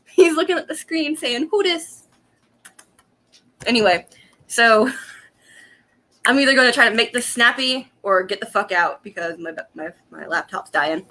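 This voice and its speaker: A woman's voice: on the high side, animated, moderate pace, sharp tone. A young woman, ranting angrily and profanely on a casual laptop livestream at home, laughing often. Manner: angry profane rant with frequent laughs. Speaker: vlogger. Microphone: laptop webcam.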